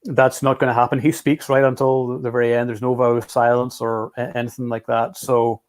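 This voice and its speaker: A man hosting a casual film chat show, relaxed and rambling, often restarting his sentences. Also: medium pitch, fairly quick. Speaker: podcast host.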